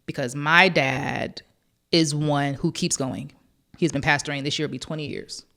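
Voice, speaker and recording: A woman's voice: low voice, fairly even intonation, moderate pace, vocal fry. A woman from Georgia, a podcast guest, telling an emotional personal story with heartfelt intensity. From Georgia, USA. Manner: heartfelt, quotes others in a softer voice.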